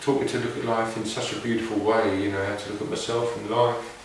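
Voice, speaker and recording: A man with a slightly low voice tells a wandering anecdote, stopping and restarting as he reflects. He is recorded from a distance in a very echoey room. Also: level tone, brisk, slight background noise. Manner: meandering, reflective, with many restarts. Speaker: didgeridoo player sharing stories. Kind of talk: casual anecdotal storytelling. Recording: very echoey room, mic far off.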